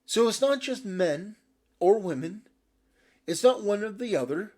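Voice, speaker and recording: A male commentator with a slightly higher voice rants in a sarcastic, exasperated tone. He swears often and keeps restarting his sentences as he builds his argument. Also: animated, a little slow, darkish tone. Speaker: video commentator. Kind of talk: ranting commentary.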